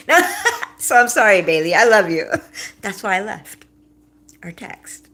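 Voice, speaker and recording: A woman's voice: medium pitch, a little slow, pauses often, a bit bright. A young woman hosting a livestream, chatting casually, laughing often and answering her chat as she goes. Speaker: livestream host.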